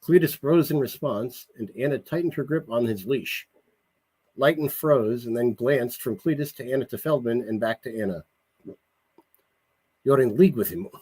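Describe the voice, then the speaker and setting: A male author reading his own novel aloud in an expressive storytelling manner, with a husky voice. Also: medium pitch, moderate pace, low-quality recording.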